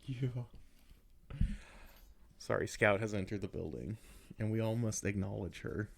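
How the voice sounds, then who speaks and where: A man's voice: on the low side, a little slow, gravelly. Give me a young man rambling on a casual podcast, self-mocking and profane. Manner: rambling, self-mocking, swears and laughs a lot. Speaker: podcast host.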